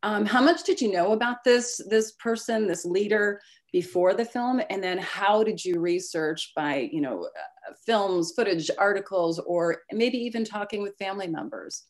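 A woman interviewer poses her questions with earnest curiosity. Her voice sits at a middling pitch, plain and unhurried. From Chicago area. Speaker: film critic, interviewer.

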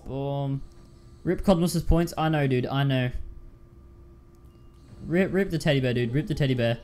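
A man's voice: medium pitch, a little slow, a little mellow. A man giving casual commentary while playing a video game, repeating himself and calling listeners dude and man. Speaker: gaming YouTuber.

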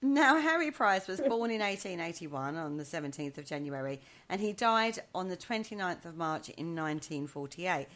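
A woman co-hosting a casual chat show, animated and quick to laugh, leading the discussion. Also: fairly low pitch. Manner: animated, laughs often, leads the topic. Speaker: podcast co-host.

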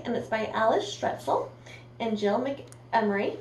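A woman's voice: on the high side, sing-song, slow, roomy sound, far from the mic, slight background noise. A woman teacher reading a picture book aloud to her class in a storytime voice, gasping and asking the children questions. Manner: warm, sing-song, gasps and asks the listeners questions.

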